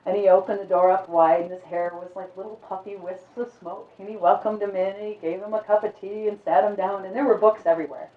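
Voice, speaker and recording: Woman telling a dark tale, tinny and distant. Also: medium pitch, fairly even intonation, fast talker, hardly any pauses. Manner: conversational, vivid. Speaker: storyteller. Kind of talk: oral storytelling. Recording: echoey, distant, phone-like sound.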